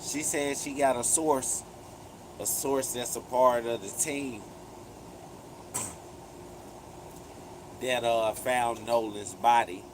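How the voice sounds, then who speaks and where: A man's voice: medium pitch, slow pace, pauses often, slight background noise, poor audio. A man hosting a live commentary stream, casually retelling events in profane street slang with heavy emphasis. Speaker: livestream commentary host.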